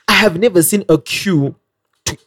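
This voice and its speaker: A man co-hosting a casual podcast, an animated storyteller who laughs often. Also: sits high, normal speed, husky, no echo. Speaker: podcast co-host. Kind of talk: casual chat.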